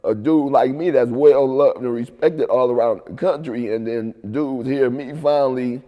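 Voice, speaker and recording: A man guest in an interview, telling his story in a relaxed, casual way, often tagging "right?" and "man". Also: medium pitch, moderate pace, in a large hall, muffled recording. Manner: laid-back, repeats "right?" and "man".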